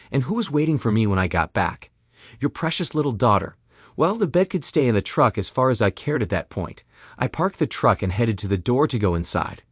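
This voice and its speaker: A man narrates a first-person story in a bitter, indignant tone. His voice is husky and swings widely in pitch. The recording is dry and close, with no room sound. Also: dry recording.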